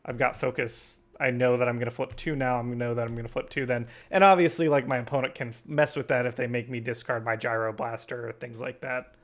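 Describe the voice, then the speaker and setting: A young man hosting a relaxed conversation about a trading card game. His pitch sits in the middle range, and he speaks agreeably, with plenty of fillers and quick nods of assent. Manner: agreeable, uses many fillers and backchannels. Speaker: host.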